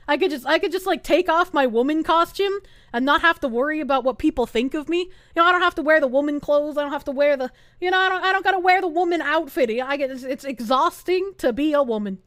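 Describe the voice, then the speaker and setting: A woman streamer giving casual live reaction commentary with sarcastic, deadpan asides. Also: sits high, quick pace, hardly any pauses, dry recording, studio quality.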